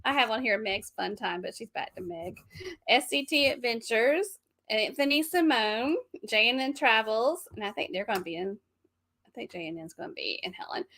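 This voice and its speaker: A woman's voice: fairly high pitch, lively intonation, normal speed, gravelly, pushed and bright. A woman co-hosting a live stream, chatting casually and laughing often over a video call.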